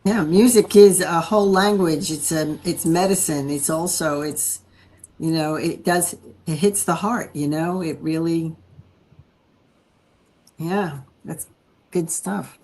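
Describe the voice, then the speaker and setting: A woman's voice: low-pitched, slow, a little mellow. A woman in a casual meeting over a video call, musing in a reflective way.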